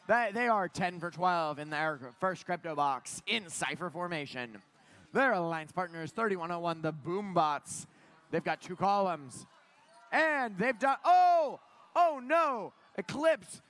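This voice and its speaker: A man giving live play-by-play commentary on a robotics competition, getting louder and higher at the big moments. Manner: excited play-by-play, climbs in pitch at big moments. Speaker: match commentator.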